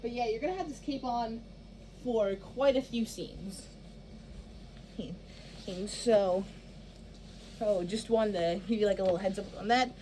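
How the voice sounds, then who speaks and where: A woman's voice: mid-range voice, a little slow, long pauses, dark tone, a little hiss or hum. A woman director walking actors through stage blocking in a casual, rambling way, full of fillers and restarts. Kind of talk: casual rehearsal instructions.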